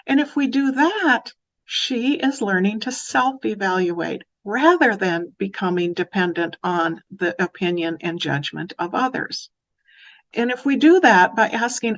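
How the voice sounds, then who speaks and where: A woman speaking as an early childhood educator, giving an educational talk that turns animated when she acts out phrases to children. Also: medium pitch, measured pace, highs cut off.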